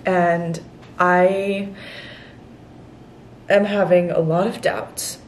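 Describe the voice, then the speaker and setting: A woman's voice: on the low side, level tone, drawn-out words, slight background noise. Emotional young woman, candid vlog. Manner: emotional, candid, tearful at times. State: close to tears. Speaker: vlogger. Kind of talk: confessional vlog. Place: outdoors in nature, then indoors. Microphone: camera set down nearby.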